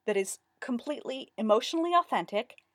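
Woman putting on a shrill pompous wizard man. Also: animated, fairly quick, no echo, clean studio sound. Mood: eager. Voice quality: high-pitched, loud, insistent. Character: pompous know-it-all male wizard, middle-aged.

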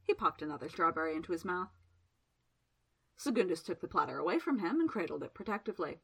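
Lively female storyteller for audiobook; bright, slightly breathy tone. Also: on the low side, fast. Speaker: narrator. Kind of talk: audiobook narration.

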